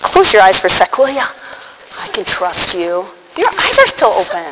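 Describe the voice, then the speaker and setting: A woman telling a personal story to an audience, animated, acting out the quotes and laughing often. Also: mid-range voice, normal speed. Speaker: religious speaker. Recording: long hall reverb, faint noise.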